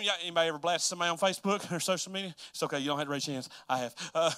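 A man preaching a sermon, chatty and laughing, acting out Bible figures in quick voices. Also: high-pitched, expressive, sharp tone, clean tone, no echo, clean studio sound.

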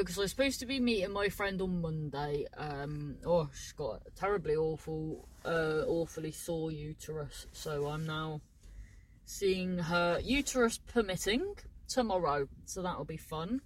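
A woman's voice: sits low, unhurried, slight background noise, rough recording. A woman chatting casually to camera in a rambling, sweary way, often trailing off mid-thought. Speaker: vlogger.

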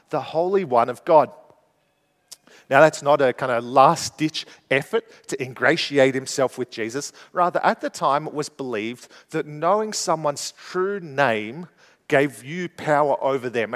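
A man preaching a sermon, explaining a scripture passage and moving between hushed and emphatic delivery. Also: medium pitch, in a large hall.

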